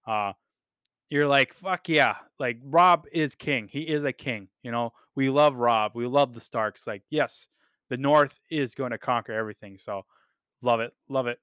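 A man's voice: mid-range voice, a little slow, fairly bright tone, clear, resonant tone, no room sound, studio quality. A man hosting a podcast, talking casually and enthusiastically, swearing freely with lots of ums and repeated words. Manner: enthusiastic, profane, with frequent fillers and repeats. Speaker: podcast host reviewing a TV series. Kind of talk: casual unscripted review talk.

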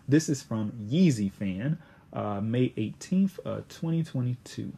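A young man in his late twenties hosting a podcast, chatting casually in a slangy, animated way with sudden high exclamations. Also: a little slow, vocal fry, slightly rough. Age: 20s; young adult. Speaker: podcast host.

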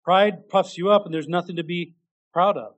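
A man preaching a sermon in an earnest, halting way, restarting phrases and rising into emphatic bursts. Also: high-pitched, fairly even intonation.

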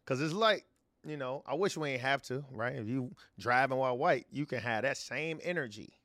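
A man's voice: mid-range voice, expressive, normal speed, fairly bright tone, no room sound, clean studio sound. A man from Chicago telling a story in a laid-back, slangy way, full of casual fillers. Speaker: podcast co-host.

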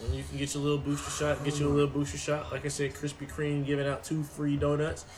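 A man's voice: on the high side, monotone, fast, noisy background. A young man co-hosting a stream, chatting casually in a slangy, profane way. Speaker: stream co-host. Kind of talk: casual chat.

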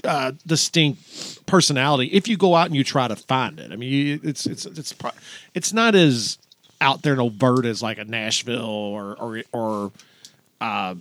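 A man's voice: mid-range voice, normal speed, fairly bright tone, no echo. A middle-aged man with a Kentucky accent, chatting casually and rambling with lots of restarts. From Louisville, Kentucky. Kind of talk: casual chat.

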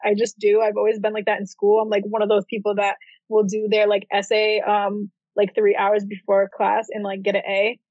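A woman's voice: mid-range voice, completely flat delivery, normal speed, a little mellow, no echo. A young adult woman, an author, telling her story casually in an interview, with lots of "like" fillers. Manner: chatty, heavy use of "like". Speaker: author guest. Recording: dull, dry audio.

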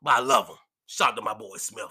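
A man's voice: on the low side, fast talker, bright, forceful tone. A man chatting casually as a podcast guest, boisterous and profane, laughing often. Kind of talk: casual chat.

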